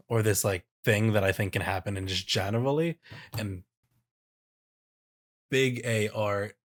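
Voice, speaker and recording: Brief: low-pitched male podcast host, casual, rambles and restarts a lot. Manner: rambling, hesitant, many restarts.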